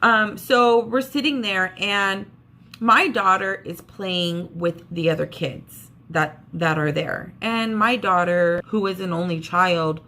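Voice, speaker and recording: A woman's voice: on the low side, bright, forceful tone. A woman vlogger telling a story in a casual, chatty way. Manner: chatty, acts out what others said.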